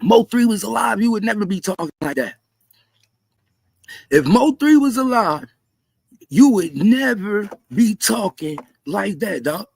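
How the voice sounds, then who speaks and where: A man doing heated livestream commentary, repeating himself in disbelief and often shouting. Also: sits high, sing-song, measured pace, vocal fry, long pauses, slightly rough, no room sound. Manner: repetitive, incredulous, frequently shouting. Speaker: commentary streamer.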